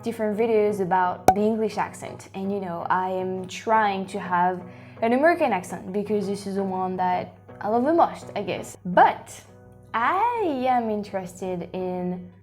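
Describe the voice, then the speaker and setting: A woman from France with a French accent, chatting on a casual reaction vlog and thinking aloud with lots of restarts and bursts of excitement. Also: mid-range voice, normal speed, soft background music. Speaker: vlogger.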